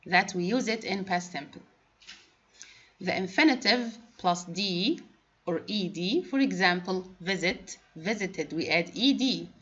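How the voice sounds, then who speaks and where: With a fairly bright, mid-range voice, this Arabic-native woman gives a patient classroom lesson on English grammar. She goes through letters and rules one at a time, captured on a dull lo-fi recording.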